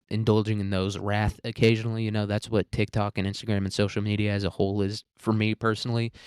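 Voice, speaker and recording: A man's voice: fairly low pitch, darkish tone, smooth, dry recording, studio quality. A young man hosting a solo podcast, rambling and self-mocking with crude humor. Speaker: podcast host.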